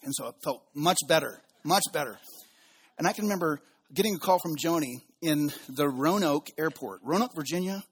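A man preaching a sermon with a slightly high, husky voice. He tells stories animatedly, jumping up in pitch for the quoted voices and sinking to soft, quiet asides. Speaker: pastor.

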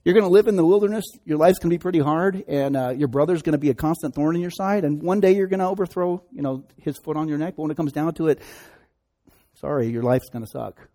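A man's voice: on the high side, quick pace, mellow, natural voice. A man voicing a blind, elderly father near death, fretful and a little shaky, in a retold scripture story. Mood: blunt. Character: old blind dying father, frail.

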